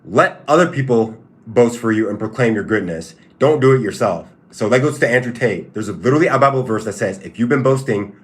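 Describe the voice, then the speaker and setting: A man hosting a casual livestream who answers chat questions in a repetitive, stop-start, emphatic way. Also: medium pitch. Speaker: livestream host and fighter.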